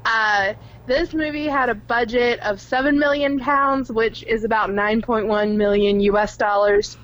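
A woman's voice: a little high, a little slow, a bit bright, lo-fi sound. A young woman co-hosting a casual film podcast, chatty and giggly, reading out facts about films. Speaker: podcast co-host. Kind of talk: casual chat.

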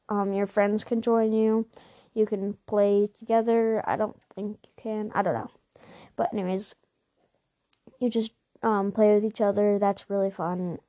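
A woman hosting a podcast, chatting casually about video games in a rambling way with many restarts and quick apologetic asides. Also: mid-range voice, mellow, no room sound. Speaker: podcast host.

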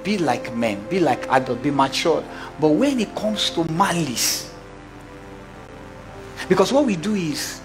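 A middle-aged man preaching a sermon, questioning his congregation and acting out little scenes. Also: a little high. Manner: animated preacher, asks the congregation questions, acts out voices. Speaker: pastor.

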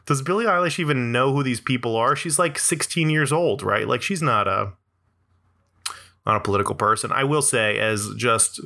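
A man's voice: mid-range voice, slow pace, creaky, pauses often, bright, forceful tone. A man giving a rambling, profane comedic monologue, peppered with "like" and "uh" and frequent laughs.

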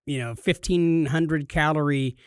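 A man co-hosting a casual podcast, teasing and joking with animated energy. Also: a little high, measured pace, clear, resonant tone, no room sound, clean studio sound. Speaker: podcast co-host. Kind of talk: casual chat.

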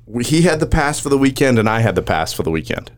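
A man in casual chat, animatedly recounting a match shot by shot. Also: medium pitch. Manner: animated storyteller, rapid play-by-play recounting.

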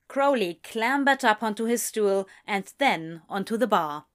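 Woman narrator, calm and measured, slow delivery, mid-range voice. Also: mid-range voice. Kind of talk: audiobook-style story narration.

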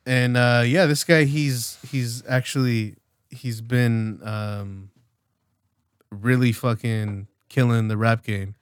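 Late-20s male podcast co-host, rambling and profane, mid pitch, dry close mic. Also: steady tone, slow, clear, resonant tone, dry recording. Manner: rambling, loose, profane, many fillers. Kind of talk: casual podcast chat.

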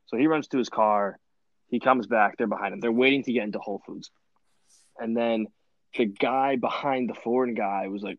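A young man telling stories in a rambling podcast chat, animated and full of fillers and laughs. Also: fairly low pitch, moderate pace, no echo, dull audio. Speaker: podcast host. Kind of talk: casual storytelling chat.

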